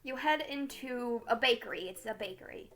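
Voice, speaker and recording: A woman narrating as game master of a tabletop game, halting with many fillers. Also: on the high side, lively intonation, fairly bright tone. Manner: halting, many fillers, laughs at own jokes.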